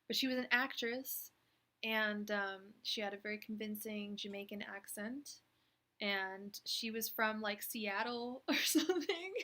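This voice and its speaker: A woman's voice: medium pitch, measured pace, sharp tone. A woman in her thirties, a tarot reader chatting casually on a live stream, rambling with lots of fillers.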